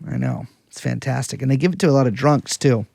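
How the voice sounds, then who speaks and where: A man's voice: mid-range voice, huge pitch swings, fast, vocal fry, darkish tone, no echo. A man co-hosting a casual podcast, rambling and sardonic, wandering through digressions. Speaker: podcast co-host.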